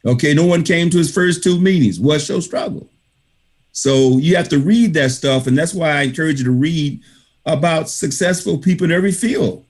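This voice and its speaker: On a video call, a male author thanks readers at an online book reading with an emphatic motivational speech, repeating key phrases the way a preacher would. His voice is on the high side and his speed is normal.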